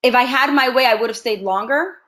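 Brief: a lively actress as an interview guest, somewhat high voice, relating stories with laughs. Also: female voice, brisk. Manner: animated storyteller, laughs often. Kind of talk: casual interview conversation.

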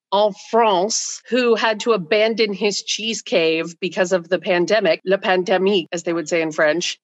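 A woman's voice: lowish voice, a bit bright, no room sound, muffled recording. A woman co-hosting a podcast in casual chat, teasing and telling stories. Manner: teasing, storytelling. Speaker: podcast co-host.

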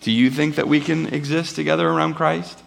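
Male pastor, casual rambling sermon delivery, gravelly fry in the voice, slips into playful character voices. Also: on the high side, fairly even intonation, fairly quick. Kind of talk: conversational sermon. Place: church before a live congregation.

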